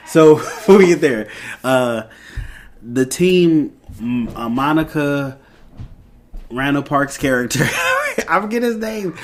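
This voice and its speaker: Rambling male TV reviewer. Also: mid-range voice. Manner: rambling, with many fillers and restarts. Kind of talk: casual episode recap.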